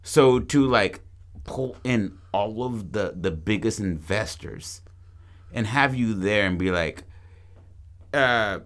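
Bright-voiced, profane male podcast host. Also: fairly low pitch, slow. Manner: profane, animated storytelling with many restarts. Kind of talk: casual chat, pitching a movie plot.

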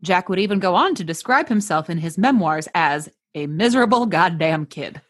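A woman's voice: on the low side, a bit bright. Playful woman host telling a story. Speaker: podcast host. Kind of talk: casual chat and scripted storytelling.

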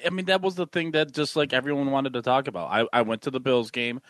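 A man's voice: medium pitch, quick pace, a bit bright, dry recording. Blunt, profane male podcast co-host. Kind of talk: casual sports chat.

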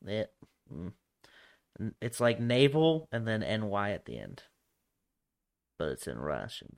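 A man's voice: lowish voice, animated, slow pace, gravelly, long pauses. A young man co-hosting a podcast in casual chat, rambling and profane, laughing often between thoughts. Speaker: podcast co-host.

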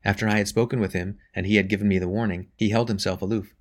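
A man voicing a quiet, gentle young woman in a storybook reading, lifting his pitch a little. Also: steady tone, fast, close to an everyday voice.

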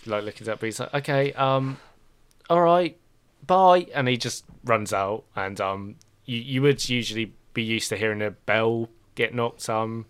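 A man's voice: lowish voice, little pitch movement, normal speed, hardly any pauses, a bit bright, smooth, no echo. A man narrating as game master of a tabletop game, in loose, easygoing speech full of fillers.

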